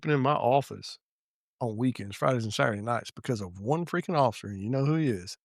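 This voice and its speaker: A middle-aged man, a retired police sergeant telling stories in a casual podcast chat, profane and animated. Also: mid-range voice, fast talker, no room sound, studio quality.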